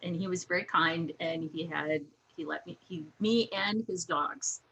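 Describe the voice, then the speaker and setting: Bright husky woman guest, laughs often, casual anecdotes. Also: on the low side, a little slow, dull audio. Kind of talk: casual storytelling.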